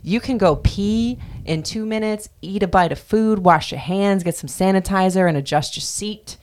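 A woman's voice: mid-range voice, normal speed, darkish tone, slight background noise. A woman in her forties hosting a casual podcast, talking bluntly and swearing freely as she rants. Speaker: podcast host.

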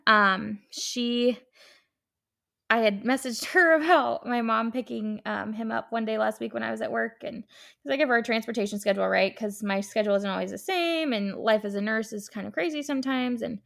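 A young woman hosts her podcast alone, chatting away casually with plenty of "like" and "um" as she rambles along. Her voice sits a little high and bright, with a gravelly fry running through it. She sounds relaxed and unscripted. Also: moderate pace. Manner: chatty and rambling, many "like" and "um" fillers. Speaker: podcast host. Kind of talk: casual solo podcast monologue.

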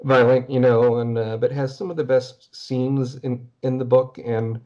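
A male podcast host chatting casually at a middle pitch. He rambles and breaks off sentences. The recording sounds dull and lo-fi. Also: little pitch movement, a little slow, dark tone. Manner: rambling, self-interrupting, chatty. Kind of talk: casual chat.

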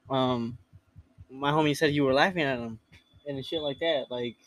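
A young man co-hosting a casual podcast chat, animated and profane, cutting in with reactions and laughter. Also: a little high, a little fast, rough recording. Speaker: podcast co-host.

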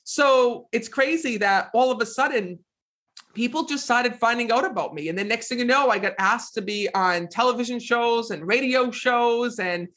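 A man being interviewed as a psychic medium, telling stories in a casual, animated way and often repeating "next thing you know.". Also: very high voice, moderate pace.

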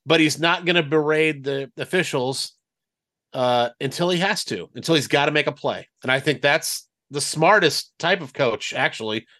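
A man's voice: a little high, moderate pace, sharp tone. A man co-hosting a sports podcast, rambling and explaining with lots of "you know" and "like". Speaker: podcast co-host, sports reporter. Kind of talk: casual sports podcast chat.

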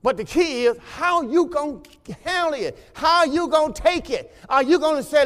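A man preaches in a church sanctuary. He talks his congregation through scripture in a high voice, then rises into loud, fervent exhortation. Long reverb trails after his words. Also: lively intonation, normal speed. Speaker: pastor. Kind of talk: sermon.

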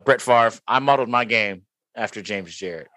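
A young man hosts a casual podcast chat over drinks, rambling through stories and laughing often. His voice is bright and forward, and the sound is dry and close with no room echo. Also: fairly low pitch, moderate pace. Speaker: podcast host.

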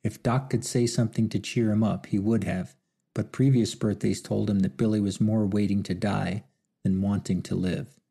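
A man narrating an audiobook in a measured, somber storytelling manner. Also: lowish voice, fairly even intonation, vocal fry, mellow, slightly rough. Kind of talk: scripted narration.

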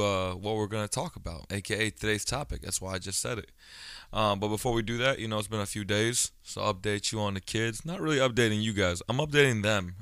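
A man in his thirties talks casually on his own podcast in a solo monologue, a blunt storyteller who swears freely. His voice is on the low side with a fairly bright, clean tone, recorded dry at studio quality.

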